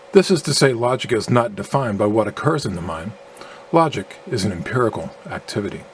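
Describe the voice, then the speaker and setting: A man reading a scripted narration in a measured, argumentative way, with faint noise behind him. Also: medium pitch. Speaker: video narrator.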